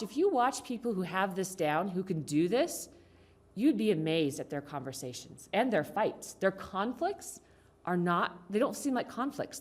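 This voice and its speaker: A woman giving a conversational talk to a congregation, asking the audience questions. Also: medium pitch. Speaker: speaker at a congregation. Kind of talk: talk on communication.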